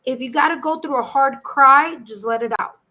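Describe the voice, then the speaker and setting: A woman's voice: high voice, moderate pace, pushed and bright. A woman with a New York accent giving a chatty, reassuring live-stream tarot reading and calling on viewers by name. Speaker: tarot reader.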